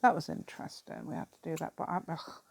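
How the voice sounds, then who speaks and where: This middle-aged English craft vlogger talks fast in a low, creaky, husky voice. She rambles on while working on a craft project, laughing frequently.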